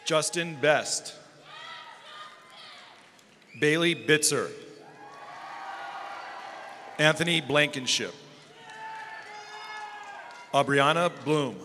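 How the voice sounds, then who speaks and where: Man reading names slowly in a big hall. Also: fairly high pitch. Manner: slow, steady name calling. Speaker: name reader at a graduation. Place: large hall at a school graduation. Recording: echoey hall with crowd noise.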